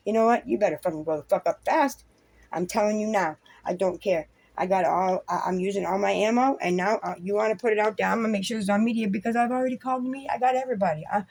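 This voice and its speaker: A woman's voice: mid-range voice, creaky, darkish tone, breathy edge. A woman vlogger and mother ranting to the camera at home, heated and profane, confronting someone directly. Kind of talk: ranting video monologue.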